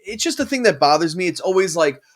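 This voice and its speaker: A man co-hosting a fan podcast, talking in a casual, rambling and animated way, swearing freely. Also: sits high, fast talker. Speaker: podcast co-host. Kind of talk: casual chat.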